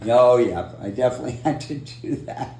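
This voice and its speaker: A man telling a long personal story in an oral history interview, acting out the quotes with lively energy. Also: medium pitch, moderate pace, vocal fry, reverberant, a little hiss or hum, poor audio. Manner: animated storyteller, acts out quotes. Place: room in San Diego.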